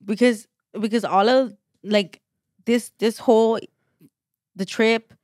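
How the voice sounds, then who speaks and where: A woman's voice: a little high, steady tone, takes it slowly, a little mellow, no echo, clean studio sound. A young woman co-hosting a podcast in casual chat, rambling with lots of "like", restarts and freely dropped swear words. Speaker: podcast co-host.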